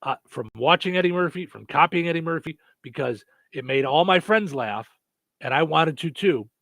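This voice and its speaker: A man's voice: a little high, animated, moderate pace, gravelly, fairly bright tone, no echo. A man hosting a radio morning show, chatting casually with many fillers and restarts. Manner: rambling, lots of fillers and restarts.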